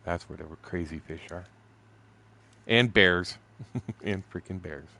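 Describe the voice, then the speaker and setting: A man in his sixties from southern Ontario, with a Canadian accent and a low, slow, bright, forceful voice, streams a fishing game. He chats loosely and profanely, telling casual stories and laughing often.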